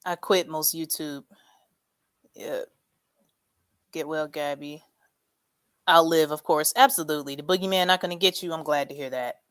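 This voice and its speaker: A woman hosting a casual livestream chat, reading viewer comments aloud, animated and quick to laugh, saying "y'all". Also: deep voice, clean tone. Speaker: livestream host.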